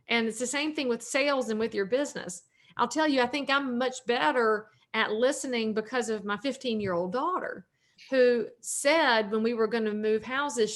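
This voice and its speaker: Southern woman, 40s, realtor guest, chatty and joking, a bit high-pitched. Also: fairly bright tone. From North Carolina, US. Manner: talkative, joking, upbeat. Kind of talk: casual interview chat.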